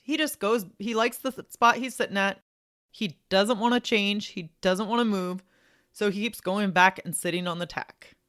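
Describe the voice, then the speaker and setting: A woman voicing a calm, matter-of-fact man who owns a dog, explaining something plainly in a told story. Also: high-pitched, moderate pace, clean tone.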